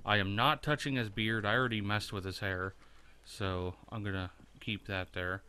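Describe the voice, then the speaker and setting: A man's voice: lowish voice, steady tone, normal speed, sharp tone, clear, resonant tone. A man hosting a let's play, casually thinking aloud and swearing as he plays. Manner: profane, rambling, thinking aloud. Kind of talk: casual gameplay commentary.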